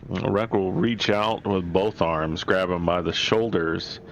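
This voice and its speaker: Man, tabletop player, very deep, dull lo-fi, faint noise. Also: slow. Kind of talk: casual tabletop play.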